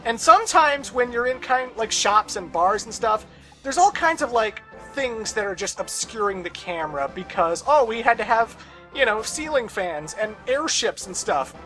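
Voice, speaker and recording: Young male let's player, high and bright, ranty and sarcastic. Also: lively intonation, normal speed, faint music behind. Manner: sarcastic, ranting asides, swears. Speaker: let's play host. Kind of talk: casual game commentary.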